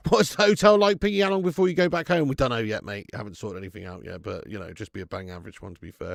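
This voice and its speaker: Man, football watch-along host, chatty banter with viewers, frequent laughs, gravelly voice, dry close mic. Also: fairly low pitch, racing, hardly any pauses, no room sound. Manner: chatty, banter-heavy, laughs a lot, greets chat by name. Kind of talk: live football watch-along chat and commentary.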